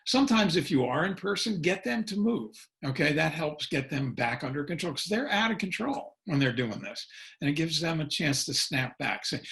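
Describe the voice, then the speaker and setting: A man's voice: on the high side, very animated, fairly quick, creaky, fairly bright tone. A middle-aged man presenting a webinar as a consultant and educator, folksy and chuckling, punctuating his points with "okay?" and acting out sample phone dialogue.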